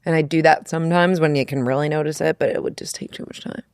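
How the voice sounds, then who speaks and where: A woman's voice: low-pitched, steady tone, fast, darkish tone, clear, resonant tone, dry recording, studio quality. A woman co-hosting a podcast, chatting casually in an earnest, emphatic way. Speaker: podcast co-host and editor. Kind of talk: casual chat.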